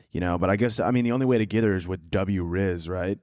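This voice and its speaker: A man's voice: lowish voice, racing, hardly any pauses, a little mellow, dry recording, studio quality. A man hosting a solo podcast, ranting casually with sarcasm and profanity and laughing at his own jokes. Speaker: podcast host.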